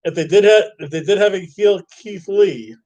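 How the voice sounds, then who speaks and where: A man's voice: high-pitched, moderate pace, mellow, low-quality recording. A man hosting a wrestling review podcast, chatting casually and thinking aloud, often restarting his sentences. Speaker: podcast host.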